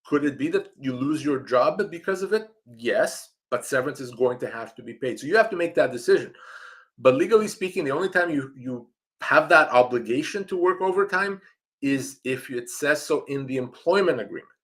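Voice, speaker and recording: A middle-aged man from Canada answers viewers' questions live as an employment lawyer. He talks in a direct, emphatic way and circles back to repeat the points that matter. His pitch sits in an ordinary middle range for a man. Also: animated, brisk, fairly bright tone. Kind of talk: live-streamed advice Q&A.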